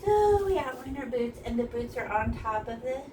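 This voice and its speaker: A woman's voice: on the high side, big pitch swings, moderate pace, background noise. A woman teaching a casual painting lesson, playful and chatty, tossing in silly sound effects as she works in a small art room.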